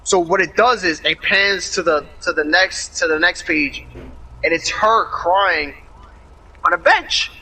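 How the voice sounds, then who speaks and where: A man's voice: sits high, unhurried, pushed and bright, slight background noise, rough recording. A young man chatting casually while gaming online, retelling a story in a rambling, profane way and often restarting his sentences. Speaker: gamer in an online racing session. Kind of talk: casual chat over game audio, retelling a story.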